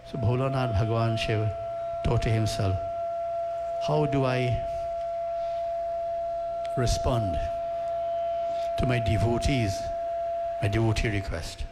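A man speaks at a middle pitch, telling a devotional parable in an earnest, repetitive way. Loud flute music plays behind his voice throughout. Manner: earnest, repeating phrases for emphasis. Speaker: spiritual teacher. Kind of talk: devotional storytelling talk.

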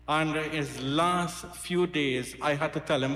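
A man gives a devotional sermon and tells stories earnestly, repeating his points. His voice sits a bit high. The recording is roomy, with faint music in the background. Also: unhurried, a bit bright. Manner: storytelling, repetitive, earnest. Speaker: satsang speaker.

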